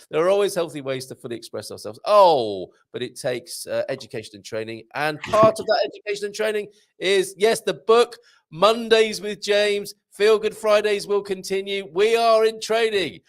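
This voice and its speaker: A middle-aged man hosting a live show, chatting and joking as he reads out viewer comments and laughing often. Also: high voice. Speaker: show host.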